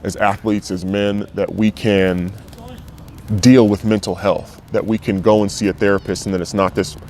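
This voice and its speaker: Lowish and darkish in tone, this man speaks at normal speed with little pitch movement over slight background noise. He's a US former football player in his thirties, frank and emotional in an interview, cursing freely and voicing the people he quotes.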